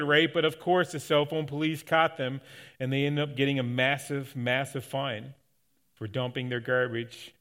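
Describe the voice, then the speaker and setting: A man's voice: mid-range voice, little pitch movement, moderate pace, fairly bright tone. Folksy middle-aged male pastor preaching. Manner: conversational, folksy storytelling with restarts. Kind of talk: sermon with personal stories.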